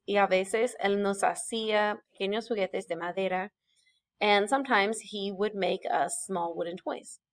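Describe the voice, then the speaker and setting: Patient woman teaching a lesson. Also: mid-range voice. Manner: patient, explanatory, with fillers and self-corrections. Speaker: Spanish teacher. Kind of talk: recorded classroom lesson.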